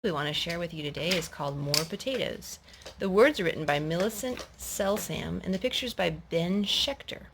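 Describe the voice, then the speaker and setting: A woman reading a picture book aloud at home with her child, gentle and animated. Her pitch is mid-range but rises and falls a lot. There is a faint hiss behind her. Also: normal speed. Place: at home indoors.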